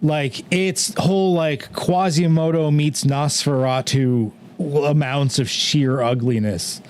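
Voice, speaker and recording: A man running a tabletop game as game master, narrating in a relaxed, rambling way with many "like"s. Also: on the high side, slow pace, clean tone.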